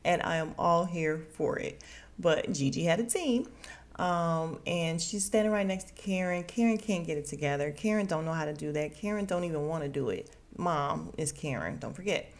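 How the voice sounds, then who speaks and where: A young woman hosts a casual podcast recap with a chatty, animated delivery. She leans on slang and laughs often as she talks. Her voice sits fairly low for a woman. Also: moderate pace. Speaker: podcast host.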